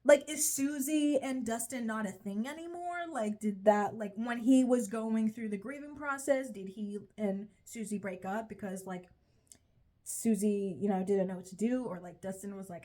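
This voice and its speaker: A young woman with a medium-pitched, dark-toned voice speaks at a normal speed. She's a video creator reviewing a show in a casual, rambling, profane commentary, frequently breaking off mid-sentence to laugh at herself.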